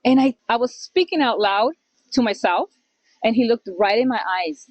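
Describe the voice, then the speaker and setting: A woman's voice: on the high side, normal speed, no room sound, dull audio. A middle-aged woman co-hosting a podcast, telling a personal story in casual chat, acting out quoted voices and dropping in Spanish phrases. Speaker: podcast co-host.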